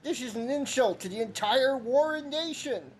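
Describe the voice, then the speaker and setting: A man voicing an old male cat-folk village elder in a video game, gruff and proud with a huffy, blustering manner. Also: extremely high pitch, animated, moderate pace, slight background noise, voice pushed up. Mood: indignant. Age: older.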